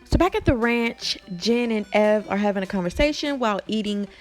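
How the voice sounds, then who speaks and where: A woman's voice: medium pitch, lively intonation, a little fast, soft background music. Chatty woman recapping TV gossip. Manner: chatty, gossipy, sassy asides. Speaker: recap podcast host. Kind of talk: casual TV episode recap.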